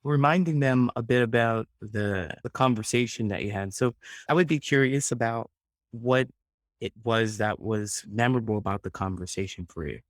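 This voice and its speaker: A man working as a friendship coach, answering interview questions as an animated storyteller who acts out voices and laughs often. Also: mid-range voice, normal speed, no room sound, studio quality. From United States.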